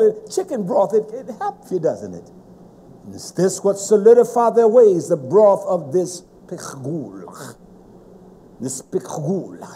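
A man preaching a dramatic sermon, repeating phrases and rising to shouts. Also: sits high, husky.

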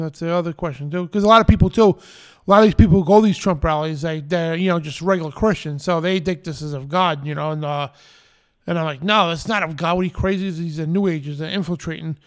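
A man with a notably high voice co-hosts a talk radio show. He speaks bluntly and with strong opinions, tossing in quick asides in a casual, chatty way. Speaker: co-host.

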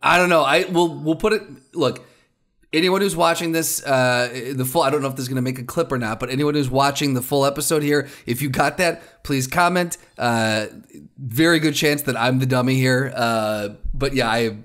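A man co-hosting a podcast in casual chat, halting and restarting his sentences and laughing easily. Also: mid-range voice, a bit bright. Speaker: podcast co-host.

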